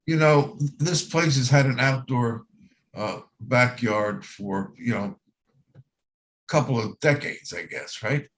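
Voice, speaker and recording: A man's voice: medium pitch, slow pace, fairly bright tone. A man on a community board committee asking blunt, pushing questions on a video call. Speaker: committee member. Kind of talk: meeting discussion.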